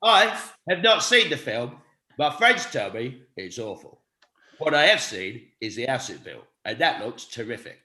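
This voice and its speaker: A man doing an impression of a laconic older film star, in a slow, dry drawl. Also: medium pitch, sing-song, sharp tone, reverberant, voice pushed down.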